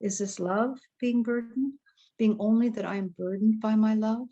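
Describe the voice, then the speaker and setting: A woman reciting her own spoken word poetry in a slow, meditative, hushed manner. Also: on the high side, steady tone, highs cut off. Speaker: poet.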